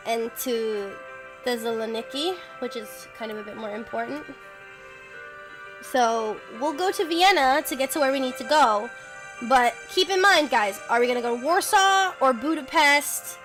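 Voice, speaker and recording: A woman's voice: high voice, low-quality recording. A young woman streaming a story game, chatting casually, thinking aloud and asking her viewers what to pick.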